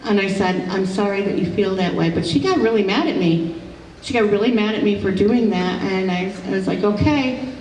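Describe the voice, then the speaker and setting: A woman's voice: medium pitch, a little fast, a little mellow, a little hiss or hum. A middle-aged woman, a psychic medium, giving a casual, rambling talk at an expo, full of fillers and restarts. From rural upstate New York. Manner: chatty, many fillers and restarts. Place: expo hall. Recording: roomy hall, recorded from a distance.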